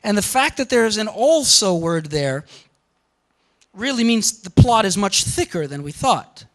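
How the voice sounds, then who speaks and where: High-voiced man giving an animated lecture. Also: a little slow. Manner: animated, quotes example sentences, interrupts himself. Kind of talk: classroom lecture.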